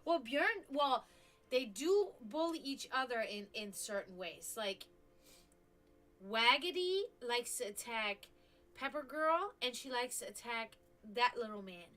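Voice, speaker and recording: A woman's voice: on the high side, animated, a little slow, fairly bright tone. A woman hosting a live stream, chatting casually and rambling, with frequent restarts and offhand swearing. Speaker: stream host.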